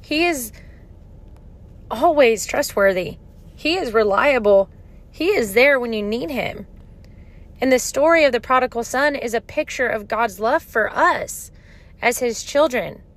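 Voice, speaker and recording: A woman's voice: on the high side, animated, a little slow, pauses often. A woman hosting a podcast and giving an earnest, heartfelt devotional talk. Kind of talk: devotional teaching.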